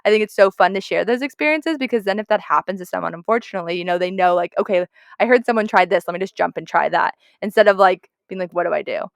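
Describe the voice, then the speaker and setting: Quick, chatty woman podcast co-host, dry close sound. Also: mid-range voice, vocal fry, no room sound. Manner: quick chatty talk full of "like". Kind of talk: casual chat.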